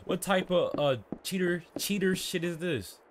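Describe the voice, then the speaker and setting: A man giving loud, profane, joking reactions as he plays a video game. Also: high-pitched, a little slow, background noise. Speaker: gaming streamer. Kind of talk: let's play commentary.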